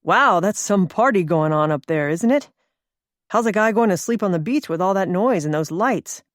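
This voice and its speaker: A woman's voice: on the low side, lively intonation, normal speed, dry recording, clean studio sound, natural voice. A woman voicing an anxious, impulsive man who talks urgently and makes things up as he goes. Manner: urgent, improvising, pushy.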